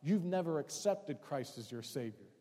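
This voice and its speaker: A man preaching a sermon as pastor, building emphasis and then dropping to hushed storytelling. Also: fairly high pitch, animated, normal speed. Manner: preaching with rising emphasis, drops to hushed tones for stories. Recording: long hall reverb.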